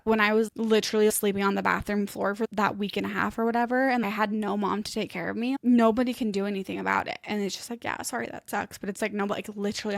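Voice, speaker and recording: A woman's voice: mid-range voice, gravelly, no echo, studio quality. A young adult woman co-hosting a podcast, talking candidly and emotionally and acting out what other people said to her. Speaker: podcast co-host. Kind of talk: candid conversational podcast chat.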